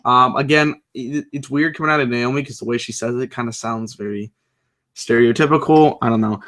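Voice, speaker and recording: Bright-voiced casual wrestling reviewer man. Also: mid-range voice, fairly quick. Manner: loose, rambling, many fillers, reads live chat aloud. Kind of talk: casual recap and commentary.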